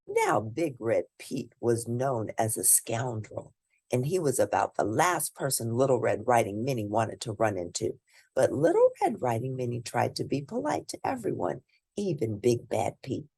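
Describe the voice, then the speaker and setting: A woman reads a children's storybook aloud at a slow, unhurried pace. Her voice is very low, warm and gravelly. She swings her pitch up and down widely. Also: dry recording, clean studio sound. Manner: slow, expressive reading.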